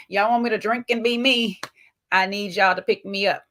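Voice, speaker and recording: A woman with a Southern US twang hosting a casual, slangy recap of a reality TV show, chatty and quick to laugh. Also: mid-range voice, fairly even intonation, fairly bright tone. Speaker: host.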